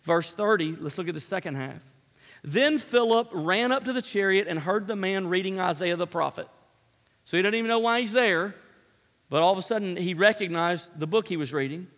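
A man's voice: sits high, brisk, a bit bright. A man preaching a sermon, emphatic, repeating key phrases for effect. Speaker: pastor. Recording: long hall reverb.

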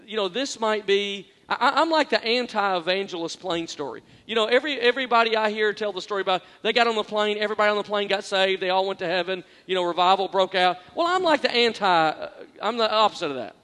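A man preaching a sermon as a pastor, earnest and self-deprecating, repeating phrases for emphasis and swinging between quiet and loud. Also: high voice, fast talker, hardly any pauses. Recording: long echoing hall reverb.

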